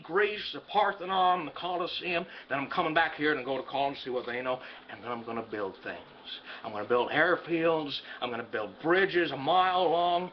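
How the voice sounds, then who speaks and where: A man's voice: on the high side, close to an everyday voice. Man playing an earnest stammering young dreamer; slightly dull recording. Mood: dreamy.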